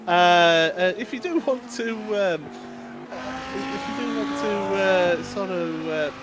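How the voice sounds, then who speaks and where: A man's voice: high voice, expressive, slow. A man commenting a sim racing stream live, chatty and full of fillers, laughing easily. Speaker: race commentator. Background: race car engine noise.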